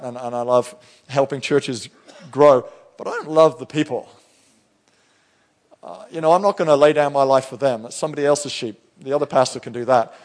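A middle-aged male pastor with a medium-pitched voice preaches a sermon in church. His delivery is conversational and story-driven, with frequent restarts.

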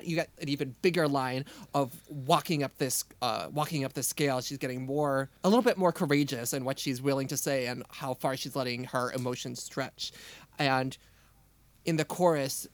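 A man's voice: mid-range voice, brisk, dry recording. A man co-hosting a podcast, casually and keenly picking apart song arrangements and melodies, with lots of "like" and "um" fillers. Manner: enthusiastic, analytical, many fillers. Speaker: podcast co-host. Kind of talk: casual music analysis chat.

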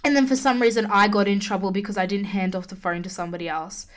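A woman's voice: mid-range voice, steady tone, fast. Chatty young woman podcaster. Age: young adult. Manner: chatty, swears freely, lots of "like". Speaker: podcast co-host. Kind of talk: casual chat.

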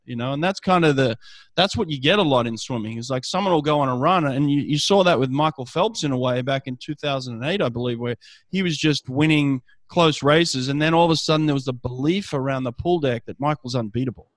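A man's voice: fairly high pitch, brisk, dry recording. Dry-sounding male coach. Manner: storytelling, frequent restarts. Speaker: swim coach. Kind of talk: casual conversation.

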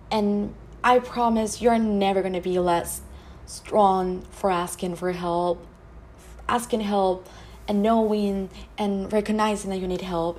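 A woman hosting a podcast, talking earnestly and from the heart in a personal monologue, often halting and restarting her sentences. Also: medium pitch, darkish tone, a little hiss or hum. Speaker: podcast host.

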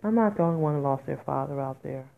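A woman with a low, gravelly voice hosts a podcast and talks from the heart. She speaks in an informal, conversational way and keeps breaking into raw, emphatic bursts. The sound is thin and tinny, as if it came through a phone line. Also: animated, quick pace. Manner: raw, candid, emphatic with sudden loud outbursts. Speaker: podcast host. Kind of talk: emotional personal monologue.

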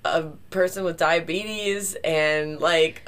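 A woman's voice: sits low, steady tone, slow, a bit bright, smooth. A woman co-hosting a podcast in casual chat, telling stories in an amused way and laughing often. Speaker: podcast co-host.

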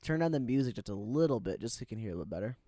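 A man's voice: mid-range voice, lively intonation, very fast, mellow, no echo, clean studio sound. A young man in casual chat among friends, playful and teasing, giving friendly notes.

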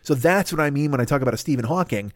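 A man's voice: medium pitch, animated, racing, no room sound, studio quality. A man hosting a podcast, delivering a comedic solo monologue as a profane, rambling rant full of tangents. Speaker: podcast host.

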